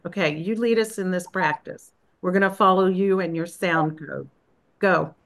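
A woman leading a group practice on a video call, speaking in a gentle, unhurried and encouraging way. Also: fairly low pitch. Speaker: spiritual practice leader. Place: Florida.

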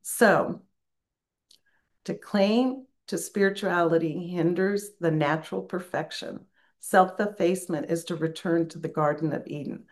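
An older woman, a spiritual teacher, reads a passage slowly and muses on it aloud in a reflective talk. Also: on the low side. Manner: slow, musing reading with asides and soft laughs.

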